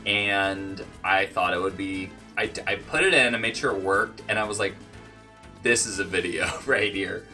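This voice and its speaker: A man's voice: low voice, normal speed, sharp tone, soft background music. A young man hosting his own channel, rambling and self-deprecating in a casual chat while snacking on candy. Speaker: channel host.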